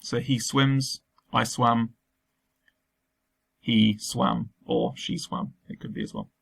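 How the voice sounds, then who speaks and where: A man's voice: medium pitch, wildly swooping pitch, slow, creaky. A man teaching a recorded remote lesson, explaining patiently step by step with frequent ums.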